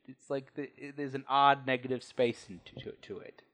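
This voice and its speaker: A man's voice: mid-range voice, fairly even intonation, a little fast, fairly bright tone. A man narrating as game master of a tabletop role-playing game, telling the scene in a loose, conversational way.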